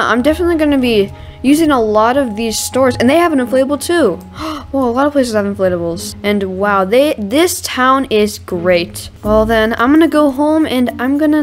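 An excitable young woman talks through her gameplay in a casual, chatty way, gasping at new things and restarting her sentences. Her voice sits a little high, with soft music playing underneath. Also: normal speed. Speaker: gaming channel host.

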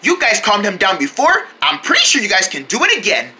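A woman voicing a calm, gentle female doctor and vet who talks slowly and soothingly in a toy story. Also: mid-range voice, noisy background, voice pushed down. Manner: slow, soothing.

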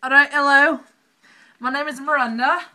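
Young woman, bright and fairly high, playful and bossy, directing her sister. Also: fairly even intonation, moderate pace. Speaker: vlogger introducing the video. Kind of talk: casual chat between sisters.

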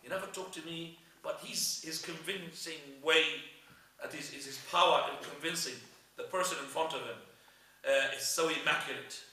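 Guy teaching a religious class, bright voice, mic pretty far off. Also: on the high side, normal speed. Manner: animated storyteller, frequent fillers and restarts. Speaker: Islamic teacher. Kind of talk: religious lesson with storytelling. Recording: echoey room, speaker far from mic.

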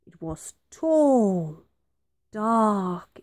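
A woman teacher reading a children's storybook aloud, slow and very expressive. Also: medium pitch, dry recording, studio quality.

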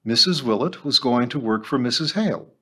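A man hosting a book club program who reads a novel aloud with expressive storytelling. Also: mid-range voice, fairly quick, breathy edge. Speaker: host reading a novel aloud.

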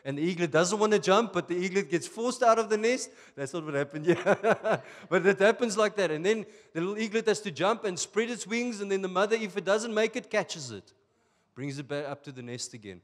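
A male pastor preaching a sermon from South Africa, animated and rising to emphatic bursts. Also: high voice, brisk, big-room sound.

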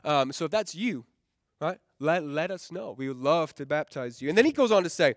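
Male pastor, high voice, dry close sound; relaxed conversational sermon with restarts and light humor. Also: moderate pace, no echo. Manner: conversational, often stumbles and repeats words; keeps checking in with the crowd with "right?". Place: rented event hall used for church.

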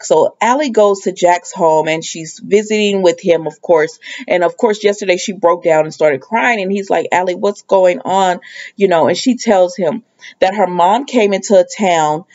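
A woman's voice: on the low side, a little slow, a little mellow. Chatty woman recapping a soap, lo-fi. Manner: chatty storyteller, acts out quoted lines. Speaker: soap opera recap vlogger. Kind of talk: casual episode recap.

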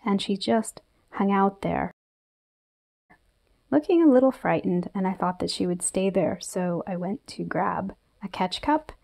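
A woman vlogging about her pet tarantula, talking softly and breathlessly with lots of fillers. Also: mid-range voice, a little slow, creaky. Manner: breathless and emotional, soft-spoken with frequent fillers. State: out of breath from excitement. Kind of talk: excited casual vlog narration.

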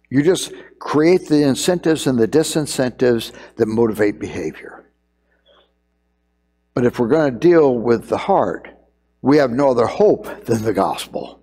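A man's voice: medium pitch, a little mellow, in a large hall. A middle-aged man preaching a sermon as pastor, earnest and building to emphatic repeated phrases. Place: church sanctuary.

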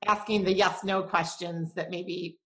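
A woman with a somewhat low voice hosts a casual podcast chat. She sums up her guest's points and warmly agrees with them. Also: steady tone, measured pace, rough recording. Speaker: podcast host.

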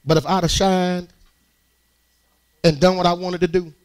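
A man preaching a sermon in church, speaking. He talks to the congregation in a conversational, animated way and builds to loud, strained peaks. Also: high-pitched, moderate pace. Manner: rises into shouted, strained peaks.

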